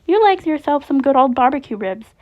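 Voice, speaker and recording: A woman's voice: sits high, very animated, a little fast, a little mellow. A woman voicing a cheerful, caring animatronic caretaker who rambles eagerly. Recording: dull lo-fi recording.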